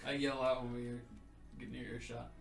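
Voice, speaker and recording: A man's voice: medium pitch, flat delivery, normal speed, faint music behind. A man playing a tabletop game, joking and casually announcing what his character does. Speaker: player. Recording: echoey room.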